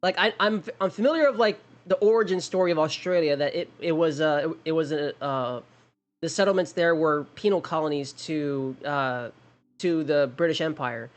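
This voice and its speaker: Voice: medium pitch, normal speed. Rambling, chatty game streamer. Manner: rambling, many restarts and fillers, musing aloud. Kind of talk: casual livestream chat.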